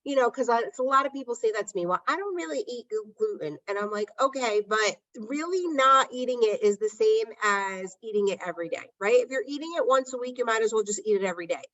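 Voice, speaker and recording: A woman's voice: a little high, fast talker, few pauses, fairly bright tone. Chatty woman podcaster, slightly distant. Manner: chatty, frequent "right?" tag questions. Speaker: podcast host. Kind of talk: casual personal storytelling. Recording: dull sound, slightly distant mic.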